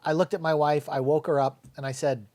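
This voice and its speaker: Middle-aged guy ranting about a movie, swears a lot, kinda high voice, very blunt. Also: fairly even intonation, a little fast, a little mellow. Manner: blunt, swears freely, mocking quotes of lines. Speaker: film reviewer. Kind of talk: casual spoken movie review.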